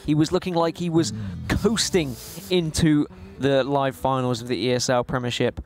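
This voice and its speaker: A man with a West Country accent giving jokey, animated live commentary on a card game tournament. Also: mid-range voice, moderate pace, soft background music. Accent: West Country English. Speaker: esports caster.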